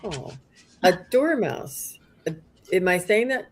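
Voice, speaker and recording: A woman's voice: lowish voice, very animated, slow, slight background noise. A woman hosting a casual livestream card reading, chatty and gushing, stumbling over names. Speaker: host, psychic card reader.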